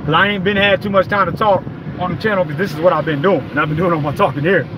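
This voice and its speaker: A high-voiced vlogger talks fast in an angry, profane, rambling rant while driving, recorded on a phone in his car. The audio has background noise and its highs are cut off.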